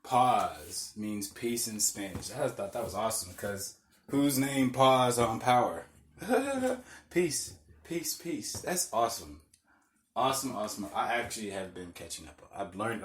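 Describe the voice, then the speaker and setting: A man's voice: on the low side, expressive, unhurried. Rambling, cursing young man with background noise. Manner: loose storytelling, swearing, laughing at own stories. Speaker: podcast host. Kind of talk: casual rambling podcast chat.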